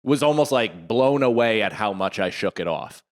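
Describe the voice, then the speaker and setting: Low-voiced man co-hosting a podcast. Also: moderate pace. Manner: animated, probing questions. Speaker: podcast co-host. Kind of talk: casual podcast chat.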